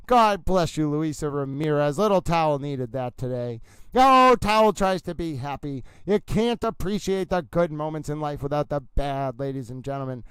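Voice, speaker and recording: Male livestream host, theatrical and playful, with a smooth, resonant voice. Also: on the high side, moderate pace, no echo, rough recording. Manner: silly, theatrical, rambling, addresses "ladies and gentlemen".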